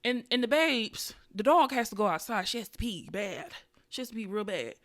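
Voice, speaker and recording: A young woman with a slightly high voice tells a story on her own podcast, loose and profane. Her delivery jumps into loud, excited bursts and then drops back to a low mutter. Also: moderate pace. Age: 20s. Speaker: podcast host. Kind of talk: casual comedic storytelling.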